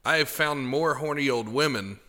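Podcast guy, crude blunt jokes, sharp bright voice. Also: mid-range voice, moderate pace. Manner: blunt, profane and joking. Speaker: podcast co-host. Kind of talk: crude casual chat.

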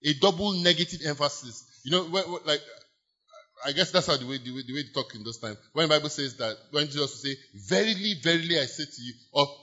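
A pastor with a slightly high, pushed, bright voice preaches quickly and emphatically. He repeats key phrases, stretches words for stress, and leads the congregation in call-and-response declarations, all on a dull lo-fi church recording.

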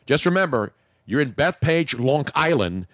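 Animated joking male radio host. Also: fairly high pitch, moderate pace, no echo, clean studio sound. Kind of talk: casual radio chat.

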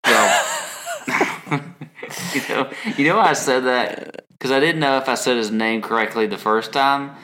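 Bright-voiced man rambling casually. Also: medium pitch, normal speed, slight background noise. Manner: rambling, frequent ums and restarts. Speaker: podcast co-host. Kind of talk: casual podcast chat.

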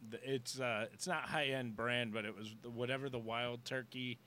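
Bright-voiced man telling club stories. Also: mid-range voice, fairly even intonation, moderate pace, a little hiss or hum. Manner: rambling, laid-back anecdotes with fillers. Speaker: comedian co-host. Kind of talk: casual storytelling chat. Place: comedy club.

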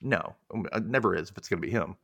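A man's voice: deep voice, fast, no room sound. A man hosting a podcast, casually recapping a TV episode and acting out the characters' lines as he goes. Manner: animated storytelling, acts out quotes, laughs often.

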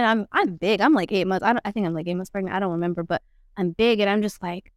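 A young woman telling a story as a podcast guest, in a blunt, slangy way with lots of swearing, acting out quotes with big swings in pitch. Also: fast, dry recording, clean studio sound. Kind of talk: casual storytelling.

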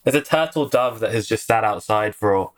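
A man's voice: on the low side, lively intonation, fairly quick. Chatty Englishman with a rambling, easy manner. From England. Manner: chatty, rambling with many likes and restarts. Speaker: guest. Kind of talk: casual interview chat.

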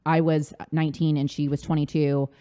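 A woman from the United States, a life coach chatting as a guest in an interview, animated and talkative, with lots of "like". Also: deep voice, fairly quick. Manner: chatty, animated storytelling with frequent "like". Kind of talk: casual interview chat.

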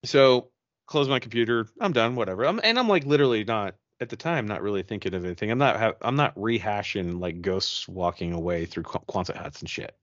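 A man's voice: on the low side, fairly quick, dry recording, highs cut off. A man on a podcast casually telling a ghost story, profane and rambling, acting out his own reactions. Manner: profane, rambling, animated retelling.

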